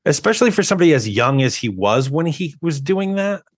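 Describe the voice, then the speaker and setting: A man co-hosting a movie podcast, in an animated, rambling manner with frequent restarts. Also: on the high side, a little fast, no room sound, clean studio sound. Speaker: podcast co-host. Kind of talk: casual movie discussion.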